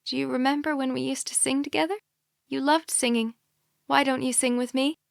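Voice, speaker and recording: A woman's voice: high voice, steady tone, brisk, creaky, no room sound, studio quality, voice pushed up. A woman doing a brainwashed young woman. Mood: sweetly devoted. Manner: soft and insistent. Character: young woman, brainwashed cult member, devoted and pleading.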